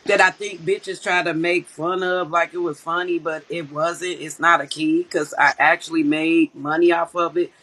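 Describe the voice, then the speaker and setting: A woman's voice: lowish voice, normal speed, hardly any pauses, poor audio. A woman co-hosting a casual live-stream commentary, blunt and profane as she tells stories. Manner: blunt, profane, animated storytelling.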